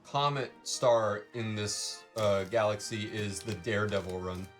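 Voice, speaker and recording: A man's voice: on the low side, measured pace, faint music behind. Young man casually playing a game. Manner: relaxed, comments on gameplay between anecdotes. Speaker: gaming co-host.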